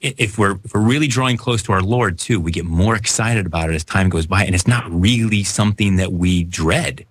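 A man's voice: low voice, a little fast, hardly any pauses, breathy edge. A man hosting a radio interview, talking in an earnest, conversational way. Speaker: radio host.

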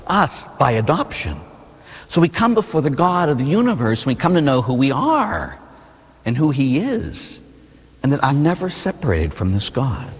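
A middle-aged man, a Catholic priest, preaching a sermon in an animated storytelling way, often tossing in rhetorical asides. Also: mid-range voice, slightly rough. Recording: long hall reverb.

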